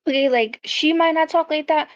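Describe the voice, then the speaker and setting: A woman's voice: high voice, normal speed. A woman from South Carolina, giving blunt, profane, exasperated commentary in a casual vlog. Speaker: commentary vlogger. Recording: muffled lo-fi audio.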